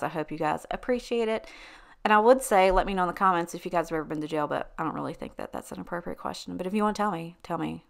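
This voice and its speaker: A woman's voice: fairly low pitch, creaky. A woman vlogger telling a story in a chatty, casual way, often breaking into laughter. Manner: chatty, laughs between lines, animated retelling. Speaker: lifestyle vlogger.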